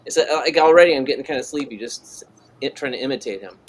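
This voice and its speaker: A man's voice: mid-range voice, fast, a crowd in the background. A man hosting a live drawing stream, chatting casually and laughing easily with his guest. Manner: relaxed, laughs often, reads chat aloud. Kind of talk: casual chat while drawing.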